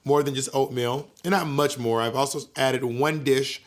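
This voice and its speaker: A man co-hosting a podcast, chatting casually and telling stories in an animated, playful way, swearing freely. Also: medium pitch, normal speed. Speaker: podcast co-host. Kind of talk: casual chat.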